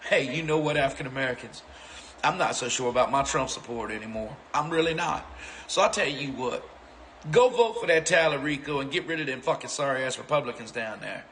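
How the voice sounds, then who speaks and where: A man of middle pitch, cursing and indignant as he gives angry commentary. A faint hiss of noise sits under his voice. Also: expressive, fairly quick, fairly bright tone, poor audio. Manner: profane, indignant.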